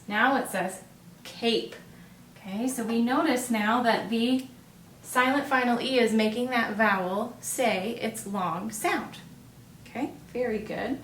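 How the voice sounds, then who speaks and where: A woman teaching a phonics lesson at a board, patient and encouraging, pausing for the learner's answers. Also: on the high side. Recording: roomy echo, distant mic, faint hiss.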